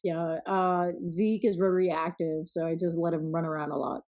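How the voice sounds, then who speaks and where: A middle-aged woman hosting a podcast, telling relaxed, self-mocking stories in casual chat. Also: fairly low pitch, normal speed. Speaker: podcast host.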